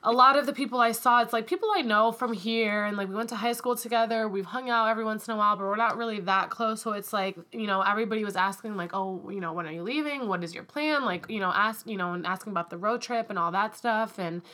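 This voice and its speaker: A woman's voice: medium pitch, steady tone, fast talker, hardly any pauses, sharp tone. A young woman chatting casually as a podcast co-host, rambling with lots of "like" and "um". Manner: rambling, heavy use of "like" and "um". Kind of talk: casual chat.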